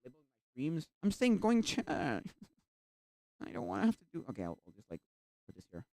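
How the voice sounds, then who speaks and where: A live streamer chatting casually while browsing at the computer, rambling and filling every pause with "like". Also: mid-range voice, huge pitch swings, a little mellow, no echo, clean studio sound. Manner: rambling, heavy use of "like".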